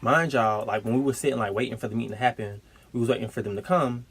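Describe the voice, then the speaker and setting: A young man casually telling a personal story, animated and slangy, breaking into high-pitched quoted outbursts. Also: quick pace, breathy edge. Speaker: storytime vlogger.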